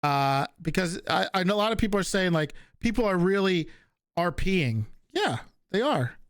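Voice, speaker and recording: This male streamer from the Northeastern United States has a slight regional accent and a high-pitched voice with big pitch swings at a moderate pace. He chats loosely with viewers, reading their questions aloud and answering offhandedly with casual cursing. The sound is dry and close, with no room sound.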